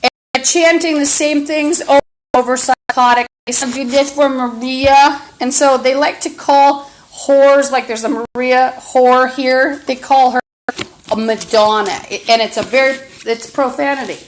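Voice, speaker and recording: Agitated high-voiced woman ranting. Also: steady tone, moderate pace, slight background noise, rough recording. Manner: agitated, profane, rambling with many fillers. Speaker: livestreamer. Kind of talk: rambling livestream monologue. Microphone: phone or camera mic.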